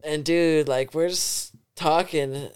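A man's voice: a little high, fairly even intonation, slow, darkish tone, smooth. A young man in his twenties, a podcast guest telling a rambling story full of swearing and laughter. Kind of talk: casual storytelling.

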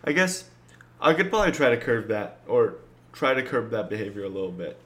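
A man's voice: mid-range voice, sing-song, a little fast, a bit bright. Self-reflective man talking casually. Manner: self-reflective, hedging, restarts phrases. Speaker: guest.

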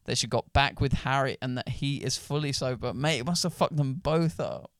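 A young man with a gravelly, creaky edge to his middle-pitched voice, hosting a casual podcast. He reads a story aloud and keeps breaking off for crude, joking banter. The sound is dry and close. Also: normal speed, dry recording. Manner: banter, laughs often, crude slang. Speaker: podcast host. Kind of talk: casual chat, reading stories aloud.

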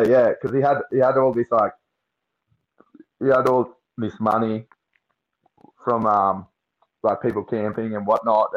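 A man's voice: mid-range voice, highs cut off. A young Australian man chatting as a podcast guest, swearing freely and telling slangy stories. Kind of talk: casual chat.

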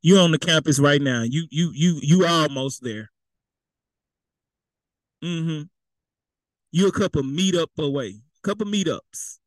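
Male preacher, AAVE, loose street-talk sermon, fairly high voice, dry close recording. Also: expressive, measured pace, pauses often, no room sound, rough recording. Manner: conversational, repeats words, folksy slang. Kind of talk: casual sermon.

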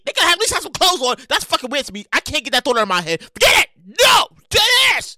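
A man hosting a solo podcast in casual, profane commentary, often restarting and repeating phrases and breaking into loud reenactments. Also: very high voice, huge pitch swings, fast, few pauses, dry recording, studio quality. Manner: bursts into loud acted-out reenactments. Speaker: podcast host.

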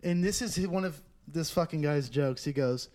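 A man's voice: fairly high pitch, normal speed. A young man hosting a casual comedy podcast, telling stories animatedly with lots of swearing. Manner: animated storytelling with frequent swearing and laughs. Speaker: podcast host.

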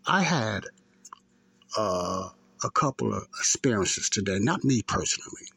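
A man's voice: on the low side, animated, a little slow, vocal fry, bright, forceful tone, husky, dry recording. A man, hosting a faith podcast and telling a story in a rambling, repetitive way. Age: 50s. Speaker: podcast host. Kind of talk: casual spoken testimony.

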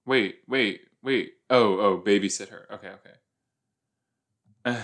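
A man's voice: on the low side, a little slow. A man talks along with a show he is watching, loose and chatty. He takes his time, and his voice swings widely up and down with every surprise. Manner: exclaiming, chatty, loose and animated. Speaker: podcast host reacting to a TV episode. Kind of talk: casual watch-along reaction.

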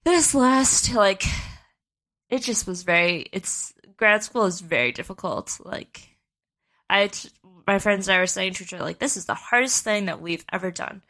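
Speaking at normal speed in a mid-range voice that sounds pushed and bright, a twentysomething podcast co-host rambles through a long story. The chat is casual, packed with fillers and restarts.

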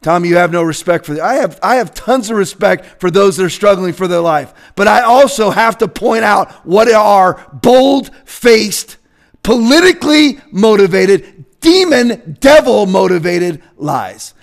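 A man preaching a fiery political sermon, firing rhetorical questions and climbing into high-pitched shouts when worked up. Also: lively intonation, a little slow, creaky. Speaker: pastor.

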